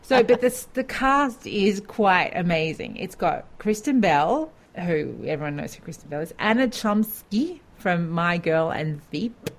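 A woman's voice: lowish voice, animated, a little slow, hardly any pauses. A woman co-hosting a casual podcast chat, talking in a rambling, hesitant way. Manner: rambling, hesitant, lots of fillers and laughs. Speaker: podcast co-host.

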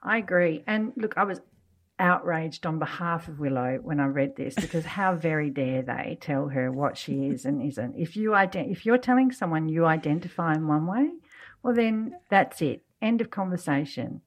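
A woman co-hosting a podcast in casual chat, animated and emphatic, often agreeing. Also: deep voice, moderate pace. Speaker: podcast co-host.

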